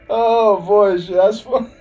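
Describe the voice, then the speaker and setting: A man's voice: high voice, darkish tone, breathy edge, highs cut off. Laid-back young man. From Hempstead, New York. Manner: loose, rambling, laughs often, answers chat. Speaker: live streamer. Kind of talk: casual live-stream chat.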